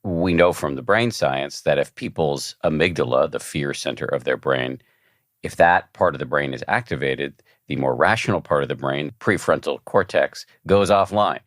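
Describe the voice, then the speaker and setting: A man hosting a podcast interview, explaining in a measured way. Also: rumbling low, fairly bright tone, dry recording, studio quality. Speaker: podcast host.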